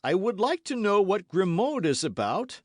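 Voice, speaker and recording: A man's voice: high voice, big pitch swings, moderate pace, a little mellow, no room sound, clean studio sound, pitched above the performer's own voice. A man voicing a big, blustering musketeer who keeps asking what is going on, in an audiobook. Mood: curious.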